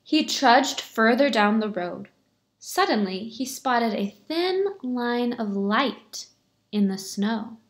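A woman teacher reading a picture book aloud to her pupils, in a clear storytelling manner. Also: fairly high pitch, animated, slow pace.

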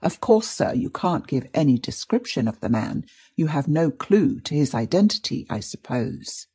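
A man's voice: a little high, very animated, normal speed, warm tone, slightly rough, exaggerated voice. A man voicing an anxious, deferential male police inspector in an audiobook. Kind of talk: audiobook reading.

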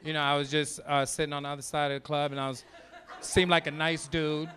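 A man's voice: a little high, little pitch movement, bright, forceful tone, a faint crowd, voice pushed down. A man acting out a nervous young woman who hesitantly asks a man out on a date. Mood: timid. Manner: hesitant, apologetic, halting.

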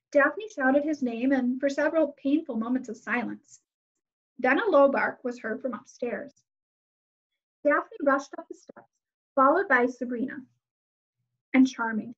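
Lady reading a chapter book out loud, fairly high voice, kinda muffled lo-fi sound. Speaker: reader. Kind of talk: reading a novel aloud. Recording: slightly muffled lo-fi recording.

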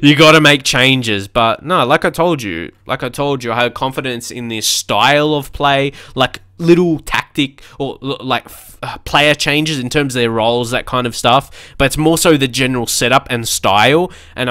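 A young man, giving casual, excitable commentary on a football management game and often laughing at himself. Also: mid-range voice, smooth, no echo, studio quality. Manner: excitable, quick to shout at match moments, laughs at himself. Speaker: gaming YouTuber.

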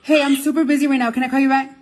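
A man's voice: very high-pitched, little pitch movement, racing, over loud music. A man playing a brash, crude young woman from California who swears, laughs and drawls slang in a comedy sketch.

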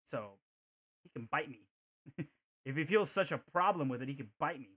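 A man's voice: on the high side, animated, moderate pace, a bit bright, breathy edge. A man streaming a video game, chatting casually and thinking aloud, with playful joking asides. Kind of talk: casual gameplay commentary.

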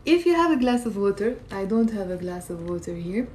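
A woman giving a live online pronunciation lesson. She slowly repeats each sound for her viewers to copy. She keeps asking them questions and waiting for answers. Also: mid-range voice, big pitch swings, a little mellow, a little hiss or hum. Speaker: Arabic teacher.

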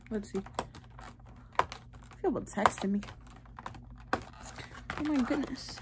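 Young woman, casual vlogger, playful and animated delivery, noisy handheld sound. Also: sits high, slow pace, pauses often. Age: young adult. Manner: chatty and playful, talking to the camera. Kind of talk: casual vlog chat.

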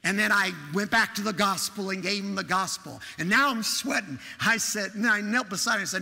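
His voice is high-pitched, gravelly, pushed and bright, moving a little fast with hardly any pauses. This Texas preacher tells a story in his sermon and animatedly performs its dialogue, and the large sanctuary lends a long hall reverb.

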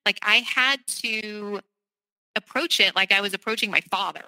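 A woman, telling her personal story as a podcast guest in a vivid, animated way. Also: medium pitch, moderate pace, no echo, poor audio. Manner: animated, vivid retelling with quoted voices.

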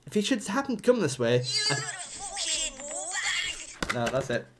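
A man's voice: mid-range voice, very animated, measured pace, very noisy. A man, streaming a comedy rant, swearing and repeating himself in mock indignation.

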